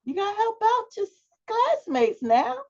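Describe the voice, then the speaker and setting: A woman's voice: very high-pitched, very animated, a little slow, a little mellow. A woman teaching a public speaking class over a video call, prompting students with questions and giving feedback. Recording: dull lo-fi video call audio.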